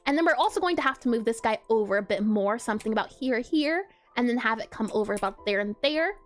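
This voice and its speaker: A woman's voice: a little high, expressive, quick pace, faint music behind. A woman streaming pixel art, chatting casually and bubbly as she draws, laughing often and answering her chat. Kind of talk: casual live-stream chat while drawing.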